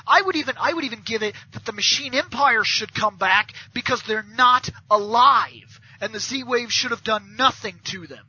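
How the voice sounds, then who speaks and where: High bright ranting man, lo-fi. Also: normal speed, hardly any pauses, breathy edge. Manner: animated, profane, ranting storyteller. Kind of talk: casual podcast chat. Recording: dull lo-fi audio.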